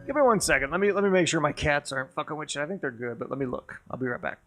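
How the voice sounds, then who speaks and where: A man's voice: a little high, lively intonation, very fast, fairly bright tone, soft background music. A man from Wisconsin streaming from his garage, telling rambling, profane nostalgic stories in casual chat. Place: home garage with a green screen.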